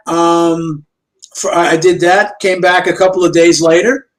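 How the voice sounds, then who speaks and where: High-voiced older man telling lively anecdotes. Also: a little slow, rough recording. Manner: lively storyteller who acts out quoted dialogue. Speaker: guest comic book artist. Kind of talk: storytelling anecdotes in a chat show interview. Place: remote video call.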